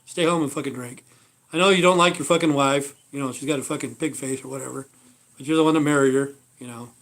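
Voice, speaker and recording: Fifties American man, slightly high voice, blunt profane livestream rambler who trails off a lot. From United States. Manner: blunt, swears constantly, trails off with "you know". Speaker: livestream host. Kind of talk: rambling casual monologue.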